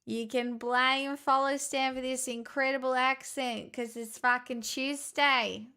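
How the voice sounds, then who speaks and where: Woman doing a hammy put-on English accent, higher and drawn out. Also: steady tone, unhurried, sharp tone, clean tone, full character voice. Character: jokey mock English accent.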